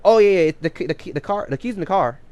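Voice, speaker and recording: A man's voice: high-pitched, animated, fast talker, a little mellow, no echo, voice pushed up. A man quoting a curt, evasive male car mechanic who brushes off questions and keeps repeating himself. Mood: dismissive.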